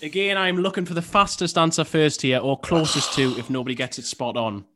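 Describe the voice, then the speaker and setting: Deadpan man reading out quiz questions. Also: fairly high pitch, a little fast, slight background noise. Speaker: quiz master on a football podcast.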